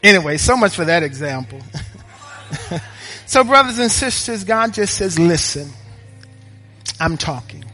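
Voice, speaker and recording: High-voiced, bright male preacher. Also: expressive, a little slow, long pauses, soft background music. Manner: emphatic, repetitive preaching cadence; rhetorical questions to the congregation. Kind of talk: sermon. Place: church.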